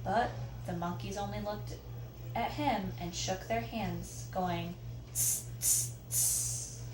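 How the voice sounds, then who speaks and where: A woman reading picture books aloud to children, expressive and asking listeners questions. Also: medium pitch, takes it slowly. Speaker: children's story reader. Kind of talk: picture book read-aloud. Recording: roomy echo, faint background noise.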